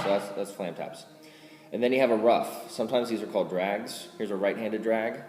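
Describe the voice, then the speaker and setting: Deep-voiced guy walking through drum rudiments, counts out loud, echoey room with long reverb. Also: moderate pace. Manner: counts strokes aloud in a louder voice, trails off quietly after explanations. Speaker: drum teacher. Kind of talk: casual instructional explanation. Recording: roomy reverb with loud background noise.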